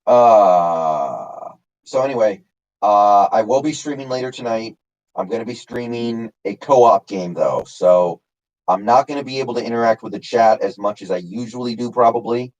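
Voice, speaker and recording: A man's voice: on the low side, moderate pace, darkish tone, dull audio. A man casually chatting on his live stream, answering chat by name with lots of fillers. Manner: rambling, reads chat names, many fillers.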